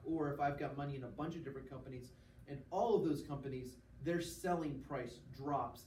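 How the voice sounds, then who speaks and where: Teaching a class, a man speaks in a medium-pitched voice with a darkish tone, explaining each step, checking with students, and acting out small examples. The classroom sounds echoey and far away, with a bit of faint noise.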